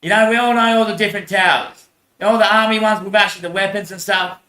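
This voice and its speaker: A man's voice: high voice, fairly even intonation, fast talker, sharp tone, roomy sound. A man in a rambling monologue, repeating himself, swearing and laughing often.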